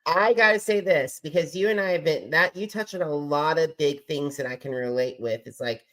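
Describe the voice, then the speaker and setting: A man's voice: fairly high pitch, brisk, a bit bright. A man hosting a podcast interview, asking loose, filler-filled questions. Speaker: podcast host. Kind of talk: casual interview.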